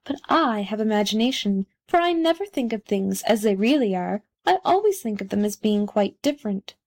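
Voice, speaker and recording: A woman's voice: medium pitch, very animated, normal speed, darkish tone. A woman voicing a pompous, conceited male firework rocket in a storybook reading, haughty and self-important. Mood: self-pitying.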